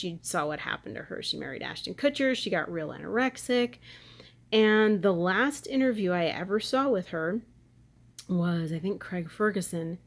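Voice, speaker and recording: Woman vlogger, low-ish voice, rambling gossip chat. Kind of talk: casual chat.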